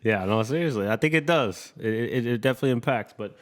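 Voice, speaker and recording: A man co-hosting a podcast in casual chat, chatty and quick to laugh. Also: medium pitch, expressive. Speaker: podcast co-host.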